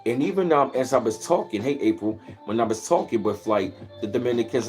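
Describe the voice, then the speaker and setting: Broadcasting from where he lives in Maryland, a male livestream host with a medium-pitched voice and lively intonation talks at a moderate pace. His casual chat rambles through relaxed stories, with pauses to greet viewers by name, and faint music sits behind him.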